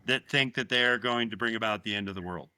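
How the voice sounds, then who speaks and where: A man's voice: on the low side, fast talker, sharp tone, clean tone, no room sound. A man co-hosting a casual podcast, animatedly retelling film scenes and swearing freely. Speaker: podcast co-host.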